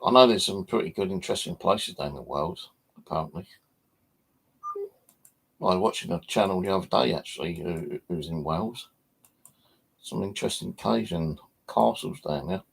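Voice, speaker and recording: A man's voice: sits low, moderate pace, creaky, long pauses, slightly rough. A man hosting a paranormal channel, chatting casually on a livestream, rambling with lots of fillers and casual swearing.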